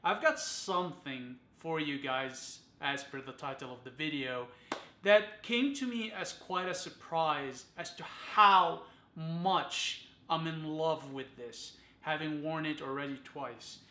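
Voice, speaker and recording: A man's voice: fairly high pitch, slow, pushed and bright, roomy sound. A man giving a chatty to-camera perfume review, often adding "okay" and "you guys".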